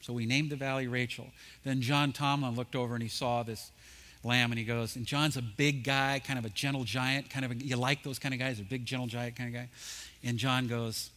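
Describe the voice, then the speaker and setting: Guy telling stories at a conference, lively and jokey, bright forceful voice. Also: mid-range voice, brisk. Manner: animated anecdotal storyteller with jokes. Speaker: conference speaker. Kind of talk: storytelling talk. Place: conference stage.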